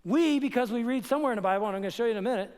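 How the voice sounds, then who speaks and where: Guy giving a sermon, pretty high voice, chatty then fired up, big echoey hall. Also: racing, clean tone. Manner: conversational and energetic, rising to fired-up exhortation. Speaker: pastor teaching on marriage.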